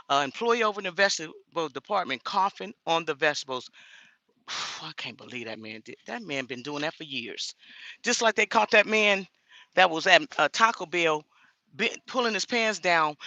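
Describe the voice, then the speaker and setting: A woman's voice: on the low side, pushed and bright, no room sound. A woman talking straight to her viewers in a casual vlog, blunt and indignant. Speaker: vlogger.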